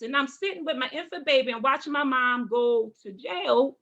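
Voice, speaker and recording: Passionate high-voiced woman agent. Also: lively intonation, fairly quick, gravelly, few pauses, a bit bright, muffled recording. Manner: passionate, emphatic storytelling with rhetorical questions. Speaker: parole and probation agent. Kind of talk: personal testimony at a meeting.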